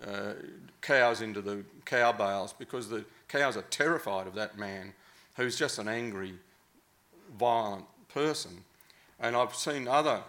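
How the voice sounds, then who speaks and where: Australian man, slightly low voice, rambling casual storytelling, hesitant fillers. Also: fairly bright tone.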